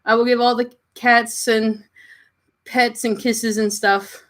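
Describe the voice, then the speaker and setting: Casual host: woman with a Southern Kentucky accent, highish voice, chatty, replying to viewers. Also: little pitch movement, slow. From Kentucky, USA. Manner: chatty, answers chat comments warmly, coos at her pets. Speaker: livestream host. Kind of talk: casual livestream chat.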